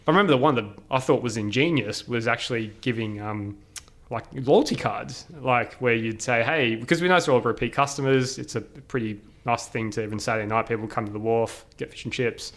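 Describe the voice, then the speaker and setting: A man's voice: mid-range voice, a little fast. A man as a podcast guest, telling stories casually and animatedly, laughing often and using many fillers. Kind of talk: casual storytelling interview.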